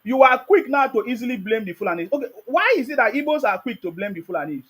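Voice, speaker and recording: A man's voice: very high-pitched, lively intonation, quick pace, fairly bright tone, slightly rough. A man with a Nigerian accent hosting a heated live call-in debate, combative and repeating his demands insistently. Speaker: host of a live call-in stream.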